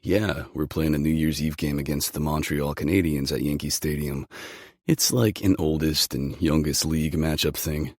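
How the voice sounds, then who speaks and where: A man's voice: rumbling low, steady tone, normal speed, a little mellow, no echo, clean studio sound. A man playing a cocky, teasing hockey player. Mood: easy. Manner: confident, teasing. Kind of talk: audiobook character voicing.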